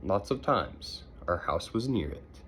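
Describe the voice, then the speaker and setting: A man voicing a polite, calm young boy from a storybook in a plain, matter-of-fact way. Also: low voice, a little slow, slight background noise, heavily acted.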